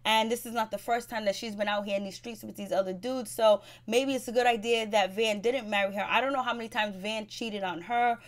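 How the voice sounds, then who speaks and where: A woman's voice: medium pitch, steady tone, brisk, hardly any pauses. A woman recapping a reality TV episode in a chatty, gossipy way, with blunt advice to viewers. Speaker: TV show recap host. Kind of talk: casual recap commentary.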